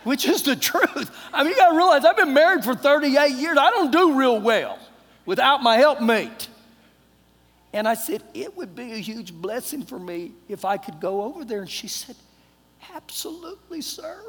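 A middle-aged man with a Texan accent preaching a sermon, telling a personal story in a folksy way, acting out dialogue, his voice swinging between loud and hushed. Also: very high voice, lively intonation, moderate pace, husky. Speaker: pastor. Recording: long hall reverb.

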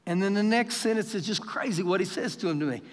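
A man from Texas with a Texan accent, preaching an animated sermon as pastor at a live church service. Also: high-pitched, fast. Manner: animated preacher, raising his voice for quoted lines. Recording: live hall with long reverb.

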